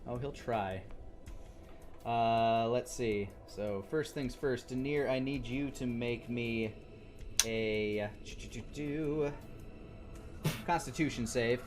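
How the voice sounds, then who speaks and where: A man's voice: medium pitch, slow, pauses often, music in the background. A man narrating as game master of a tabletop game, switching between vivid descriptions and casual rules talk.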